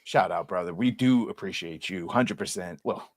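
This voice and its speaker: A man hosting a casual live podcast chat, joking and playful, swinging between loud and soft. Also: sits low, normal speed, no room sound, studio quality. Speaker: podcast host.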